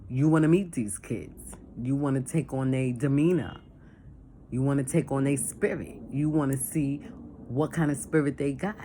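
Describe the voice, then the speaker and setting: With a bass voice and a moderate pace, a church member leads a casual chat over a little hiss or hum. Animated and plain-spoken, she goes over her points again and again and acts out phone calls and conversations.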